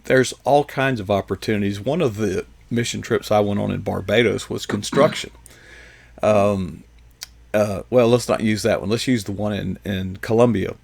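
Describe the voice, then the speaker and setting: A man's voice: on the low side, fairly even intonation, normal speed, gravelly, darkish tone, dry recording. A man hosting a talk show, a psychologist who chats in a folksy way with joking asides. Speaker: host, psychologist. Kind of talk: casual chat.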